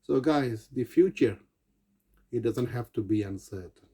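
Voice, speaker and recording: A man's voice: medium pitch, animated, unhurried, mellow, husky. A man giving an earnest motivational talk, coaching his listeners and calling them guys. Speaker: self-help speaker.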